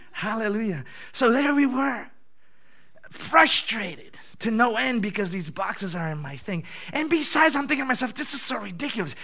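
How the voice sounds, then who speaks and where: A man, a messianic rabbi, telling a story in a lively, conversational sermon, often laughing as he talks. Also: sits high.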